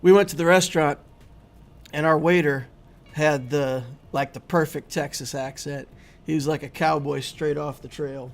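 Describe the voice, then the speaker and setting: A man's voice: a little high, fairly even intonation, normal speed, soft background music. A middle-aged man hosting a gaming channel, chatting casually and easily with his viewers while he streams. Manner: chatty and easygoing, talking to viewers. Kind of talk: casual live-stream commentary.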